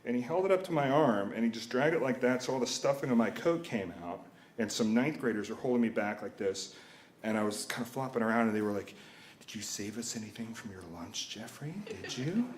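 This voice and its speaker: A man's voice: mid-range voice, fast, roomy sound, slight background noise. A man in his thirties telling a personal story live, wry and self-mocking, acting out the voices of the people in it. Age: 30s.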